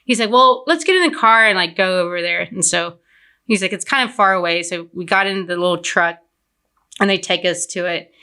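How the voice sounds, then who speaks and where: A young woman from Fort Worth sits for a casual interview and retells her business stories with chatty energy. She leans on "like" as a filler and tells them in a lively way. Her tone is clear and bright. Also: on the low side, normal speed. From Fort Worth, Texas. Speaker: entrepreneur guest.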